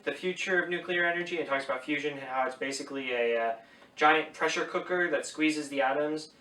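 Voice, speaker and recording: A man's voice: fairly high pitch, sharp tone. Chatty man reviewing a book. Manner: chatty, opinionated, with wry asides. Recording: echoey room, voice a bit distant from the mic.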